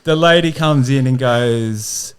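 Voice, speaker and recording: A man's voice: mid-range voice, slow, heavy background noise. A young man, a podcast guest, telling a self-deprecating story and laughing through it. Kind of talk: casual storytelling.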